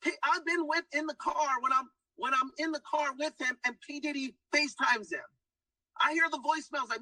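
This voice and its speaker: Man, high voice, emphatic motivational pitch, recorded dry, away from the mic. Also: normal speed, bright, forceful tone, no echo, distant mic, rough recording. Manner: hyped, emphatic, keeps saying "guys" and "guess what". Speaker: testimonial speaker.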